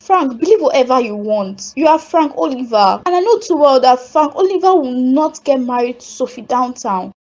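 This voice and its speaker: A woman with a Nigerian accent voicing a proud young woman in an animated drama, sharp and dismissive. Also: sits high, normal speed, few pauses, dull audio. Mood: cold. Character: proud young woman leaving her lover.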